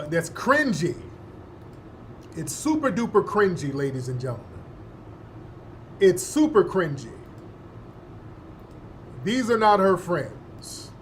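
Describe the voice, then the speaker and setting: High-voiced, emphatic male show host. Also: slight background noise. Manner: emphatic and slangy, scoffing. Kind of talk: opinionated political commentary.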